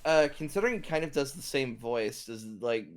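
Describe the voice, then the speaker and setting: Man, podcast co-host, casual group chat, animated, laughs a lot, restarts sentences. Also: mid-range voice, fairly quick.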